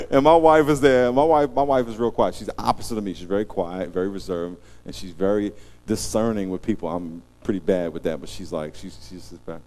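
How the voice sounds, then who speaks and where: A man's voice: low voice, fairly quick. A middle-aged man preaching a sermon as pastor, telling humorous stories and acting out scenes with big vocal swings. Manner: animated, joking storyteller who acts out scenes.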